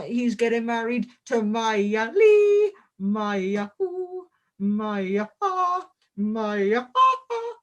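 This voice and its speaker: A man, a guest on a comedic in-character interview, rambling through absurd jokes in a deadpan way. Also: high-pitched.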